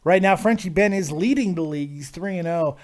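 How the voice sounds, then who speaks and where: A man hosting a casual live talk show, talking excitably about fantasy hockey and fights and swearing freely. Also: sits high, a little fast. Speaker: host.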